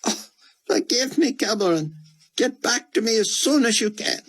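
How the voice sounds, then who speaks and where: A man voicing an elderly male scholar who pleads anxiously in a high, urgent voice. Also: animated, normal speed, low-quality recording. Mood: pleading, anxious.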